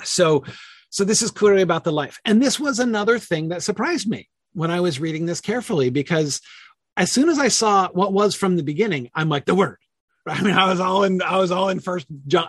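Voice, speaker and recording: A man's voice: sits high, fairly quick, a bit bright, slightly rough, no echo. A man leading a casual online Bible study, thinking aloud with many fillers and self-corrections and answering chat comments.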